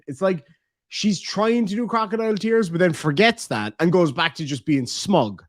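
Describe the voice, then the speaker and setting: Animated Irish streamer man. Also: high voice, fairly quick. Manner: mocking, chatty, talks to his chat. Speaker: streamer reacting to court videos. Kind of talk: live-stream commentary.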